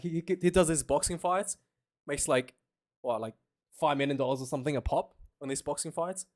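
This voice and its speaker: A man streaming casual live commentary on a match, chatty and jokey, prone to loud incredulous rants. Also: medium pitch.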